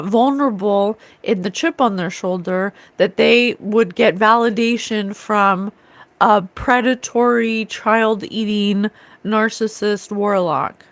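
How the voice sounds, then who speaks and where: A woman hosting a psychic talk show, ranting with scorn in a loose, animated way and often mocking others in sing-song voices. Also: on the high side, no room sound. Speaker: psychic livestream host. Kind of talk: casual spiritual rant.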